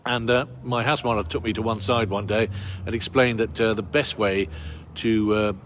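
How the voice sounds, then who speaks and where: A man's voice: on the low side, fairly even intonation, normal speed, fairly bright tone, a little hiss or hum. A man from Bristol speaking with a received pronunciation English accent, guiding a walking tour outdoors on a cold street. He talks in a chatty, rambling way, with lots of fillers and wry asides. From Bristol, England. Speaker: tour guide. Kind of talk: walking tour talk to camera. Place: outdoor street in a town centre.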